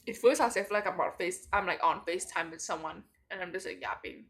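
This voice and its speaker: A woman's voice: lowish voice, fairly quick, a bit bright. A young woman about to start university, rambling in a late-night confessional vlog with lots of fillers and a tired, sleepy tone. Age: young adult. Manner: rambling, filler-heavy talk with many likes. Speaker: vlogger.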